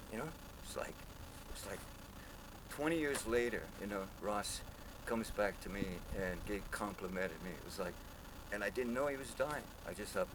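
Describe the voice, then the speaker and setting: A man in his seventies, a muralist, telling stories in an interview in a lively way and acting out the people in them. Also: on the low side, moderate pace, background noise. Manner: lively storyteller, acts out voices. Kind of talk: storytelling interview.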